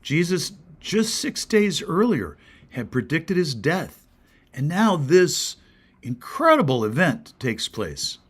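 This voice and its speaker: A man with an American accent, a pastor giving a short devotional sermon, earnest and questioning, sometimes dropping to a soft whisper. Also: on the high side, very animated, slow, slightly rough.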